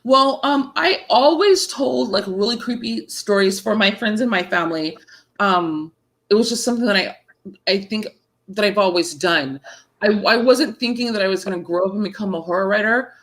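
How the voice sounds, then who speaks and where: A woman's voice: mid-range voice, normal speed, poor audio. Woman in her 30s chatting in an interview, storyteller, does everyone's voices, talks loose and casual. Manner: animated storyteller, acts out quoted voices. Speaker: horror author guest.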